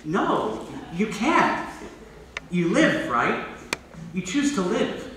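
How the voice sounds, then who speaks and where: Stage narrator, male actor, wistful and confiding; bright, lively voice, distant in a reverberant hall. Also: high voice, extremely slow, slight background noise, heavily acted. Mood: musing. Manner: confiding, musing aloud to the audience. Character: wistful middle-aged man narrating a record. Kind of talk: amateur stage musical performance. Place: school theatre stage. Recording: echoey theatre from far off.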